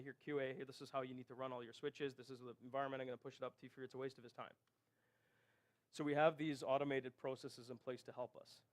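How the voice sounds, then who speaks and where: Man giving a technical conference talk. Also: mid-range voice. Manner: explanatory, rhetorical "right?" checks. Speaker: conference speaker. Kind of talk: technical presentation.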